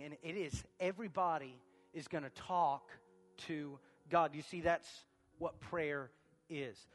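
Pastor, male, high bright voice; sermon delivery swinging between quiet and shouting; church hall reverb. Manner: builds from quiet talk to shouted preaching.

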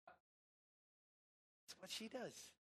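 Preacher mid sermon, stretching words, goes loud then quiet, asks the crowd questions. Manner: emphatic, drawn-out words with big swings in loudness; asks the congregation questions and has them repeat phrases.

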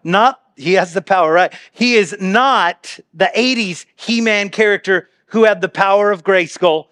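A man with a fairly high voice delivers a sermon from a church pulpit. He keeps it humorous and conversational, swinging between booming readings and hushed, quiet asides. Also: unhurried. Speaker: pastor. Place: church sanctuary.

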